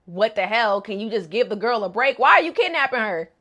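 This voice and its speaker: A woman voicing an angry young man who is outraged and yelling at his father. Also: fairly high pitch, lively intonation, brisk. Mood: indignant.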